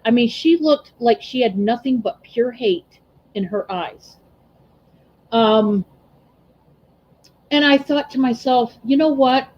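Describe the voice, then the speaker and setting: A woman vlogger telling a casual story about her waitress days, chatty and animated, often saying "you know" and "right?". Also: a little high, slow pace, pauses often. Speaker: vlogger recalling waitress work. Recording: slightly muffled lo-fi audio.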